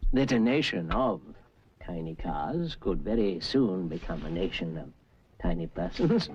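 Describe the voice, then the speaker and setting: An actor playing a salesy car pitchman who makes a rhetorical sales pitch to executives. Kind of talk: 1960s film comedy acting. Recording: dull film soundtrack with faint music.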